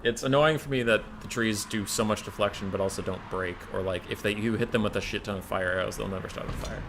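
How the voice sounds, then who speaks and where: A man's voice: lowish voice, steady tone, quick pace, noisy background. A man casting a strategy game tournament live on stream, chatty and prone to digressions, talking to his chat between calls.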